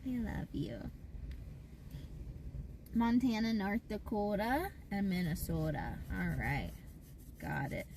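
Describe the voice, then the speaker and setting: A woman's voice: mid-range voice, animated, slow, vocal fry, pauses often, a little mellow, recorded from a distance, slight background noise. A woman live streaming from inside a parked car, chatting casually and rambling with lots of "like". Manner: chatty and rambling, heavy use of "like".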